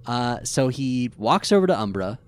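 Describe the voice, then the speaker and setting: A man's voice: medium pitch, moderate pace, no room sound. A male podcast host walks through an episode's plot in an easygoing, rambling way, full of "uh" and "like". His voice sits in a middle register but swings up and down a lot as he narrates. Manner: animated, rambling with fillers. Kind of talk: casual recap chat.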